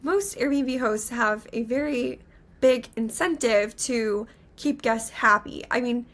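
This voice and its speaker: Casual storyteller, young woman, bright forceful tone, fillers everywhere. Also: a little high, slow. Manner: animated, many filler "like"s. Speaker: podcast co-host.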